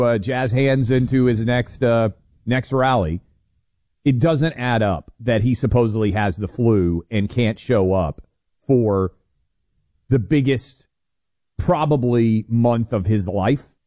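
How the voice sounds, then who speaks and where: A man's voice: dark tone, no room sound, clean studio sound. Wry, opinionated talk radio man. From Tennessee. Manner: wry, opinionated, many fillers, drops low to finish a point. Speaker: radio talk show co-host.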